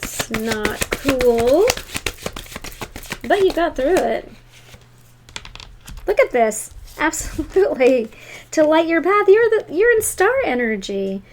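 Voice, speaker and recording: A woman's voice: high-pitched, big pitch swings, slow pace, pauses often, slight background noise. A woman giving a tarot reading to viewers in an emphatic, encouraging way. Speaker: tarot reader.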